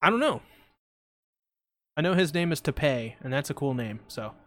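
Joking podcast guy rambling on, kinda high voice. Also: lively intonation, normal speed, fairly bright tone. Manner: jokey, rambling, reads out chat comments. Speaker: podcast co-host. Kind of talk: casual chat.

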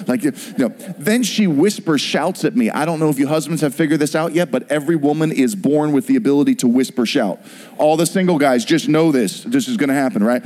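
A middle-aged man preaching a sermon, telling a personal story with animated storytelling and acted-out voices. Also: a little high, brisk. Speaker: pastor.

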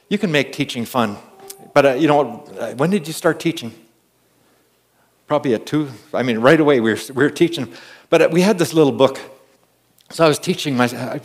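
A man preaching a conversational sermon. He moves between hushed asides and loud, emphatic calls, often adding an amen and repeating words as he tells stories. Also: medium pitch. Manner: repeats and restarts words while storytelling. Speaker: pastor.

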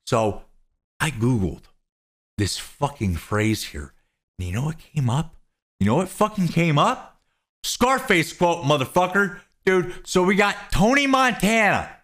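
A young man ranting in a commentary vlog, profane, excitable and mocking, addressing his viewers as bros. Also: fairly high pitch, slow. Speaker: YouTube commentator.

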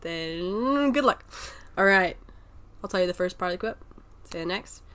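A woman's voice: fairly low pitch, lively intonation, moderate pace, fairly bright tone, smooth. A woman co-hosting a podcast in casual chat, swearing freely and laughing as she acts out movie lines. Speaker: podcast co-host.

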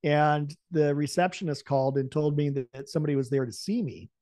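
A man's voice: fairly high pitch, a little fast, dry recording, studio quality. A man, a podcast guest, telling a personal story and acting out the dialogue with laughs. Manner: animated, acts out the dialogue of his story with lively laughs.

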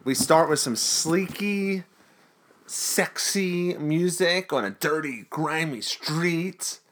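A man's voice: a little high, slow, a bit bright, slight background noise. A man co-hosting a podcast, casually recapping a TV episode in a jokey, rambling way. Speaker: podcast co-host.

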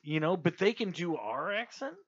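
A man's voice: fairly high pitch, sing-song, moderate pace. A man co-hosting a podcast, chatting casually with profane, joking banter. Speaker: podcast co-host. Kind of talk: casual chat. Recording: dull lo-fi podcast recording.

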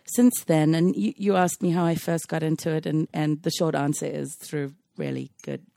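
South african lady w a mixed accent, a bit hoarse, low gravelly voice, just chatting openly. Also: expressive, moderate pace, dark tone, no echo. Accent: South African, blended with British and American. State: slightly hoarse. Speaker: guest, tantra teacher. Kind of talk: casual interview chat.

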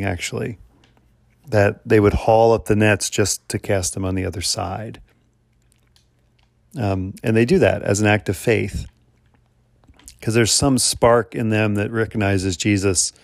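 A man with a lowish voice gives a reflective spoken sermon on his podcast. He tells the story in a measured, earnest way and keeps asking rhetorical questions. The sound is close and dry, with no room echo. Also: creaky, a little mellow. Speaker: podcast host and chaplain.

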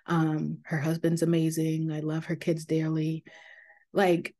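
A woman hosts her own podcast in a casual, personal way, her voice sitting a little on the low side. She talks candidly and reflectively, with frequent fillers and soft laughs. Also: unhurried. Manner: calming voice for guided meditations. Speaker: podcast host.

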